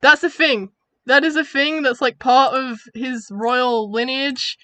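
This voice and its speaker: A woman's voice: high voice, steady tone, slow pace, sharp tone, no room sound. A young woman chatting casually in her bedroom, rambling and giggling as she talks through her old story ideas. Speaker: creator of the channel.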